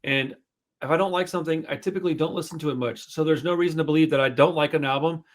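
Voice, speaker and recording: A man's voice: a little high, very fast. A man hosting a podcast in casual chat, rambling and swearing freely, self-deprecating. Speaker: podcast host.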